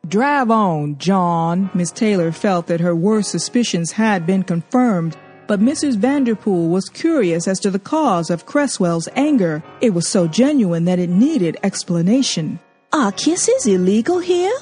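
A woman reading a novel aloud as an audiobook narrator, measured and expressive. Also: medium pitch, soft background music. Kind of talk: storybook reading.

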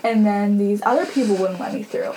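A woman's voice: medium pitch, fairly quick, warm tone, slight background noise, rough recording. A young woman hosting a podcast, telling a story in a chatty, casual way full of fillers and laughter. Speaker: podcast host.

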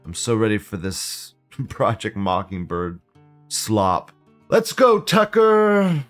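A man's voice: fairly low pitch, lively intonation, slow pace, faint music behind. A man hosting a live online show, talking in a rambling, profane and mocking way. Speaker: host. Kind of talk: casual live commentary.

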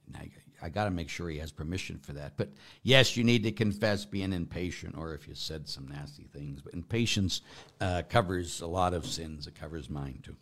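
Deep-voiced priest, middle-aged man, live-stream Q&A, chatty and rambling, lots of fillers. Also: normal speed. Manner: warm, rambling, self-deprecating, with frequent fillers. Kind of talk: live-stream Q&A, reading chat comments.

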